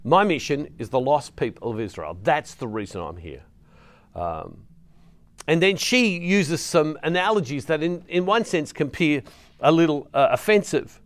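A middle-aged man leading a Catholic ministry, giving an earnest devotional talk that pauses to explain scripture verses. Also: a little high, big pitch swings.

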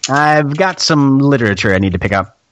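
Man as a calm, matter-of-fact male escort, middle pitch, unfussy. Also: fairly quick, muffled recording, slight background noise, lightly acted.

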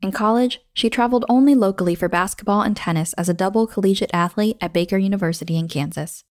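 Woman narrating a story in measured tones. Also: medium pitch, darkish tone, dry recording, clean studio sound. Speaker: podcast host and narrator.

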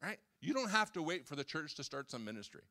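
Older man, pastor, sermon, church, conversational, bright voice. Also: on the high side, fast talker. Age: 60s. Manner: animated, conversational preaching with acted-out dialogue. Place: church hall.

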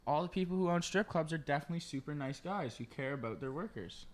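A man's voice: on the high side, expressive, fast talker. A young man co-hosting a podcast, joking and sarcastic in casual chat. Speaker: podcast co-host.

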